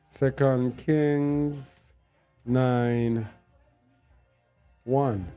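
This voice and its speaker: Bible teacher, male, mellow and dark-toned, unhurried, talking through a screen search. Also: medium pitch, steady tone, clean tone, soft background music. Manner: thinks aloud while searching on screen; stresses words by repeating them. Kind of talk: unscripted scripture teaching.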